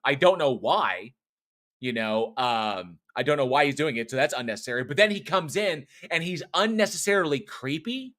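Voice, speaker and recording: A man's voice: mid-range voice, animated, moderate pace, a bit bright. Rambling, profane man reviewing films. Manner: rambling, profane, frequent restarts and fillers. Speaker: podcast co-host. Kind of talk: casual film review chat.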